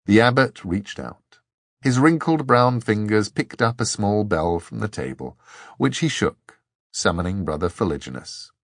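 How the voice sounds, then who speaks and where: A man reading a fantasy novel aloud as an audiobook narrator, unhurried and expressive. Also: lowish voice, no echo, clean studio sound. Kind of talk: scripted narration.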